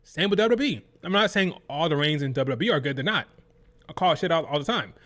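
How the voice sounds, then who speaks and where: Male streamer, fairly high voice, fired-up, profane, exasperated rant into a desk mic. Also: lively intonation, quick pace, fairly bright tone. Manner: heated, profane, exasperated ranting. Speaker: livestream host. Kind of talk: ranting live-stream reaction.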